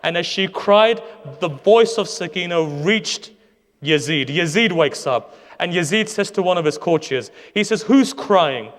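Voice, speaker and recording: A man's voice: high-pitched, expressive, unhurried, fairly bright tone. A man preaching a mourning sermon, telling a story with passion and drama and quoting its figures' words. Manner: impassioned storytelling, dramatic retelling with quoted speech. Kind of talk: Muharram majlis sermon. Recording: long hall reverb.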